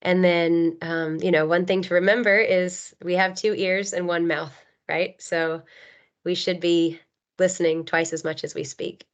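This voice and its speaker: A woman's voice: lowish voice, steady tone, measured pace. A woman in her thirties, an occupational therapist, giving an earnest webinar talk with many ums and you knows. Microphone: video call. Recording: dull lo-fi video call audio.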